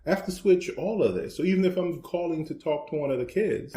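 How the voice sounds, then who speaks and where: A man co-hosting a ministry podcast, chatting with his wife over breakfast in a measured, explanatory way. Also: fairly high pitch, animated, mellow, a little hiss or hum. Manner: measured, explanatory, leans into quoted dialogue. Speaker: podcast co-host, husband. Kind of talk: casual chat. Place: home, at the breakfast table. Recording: roomy echo.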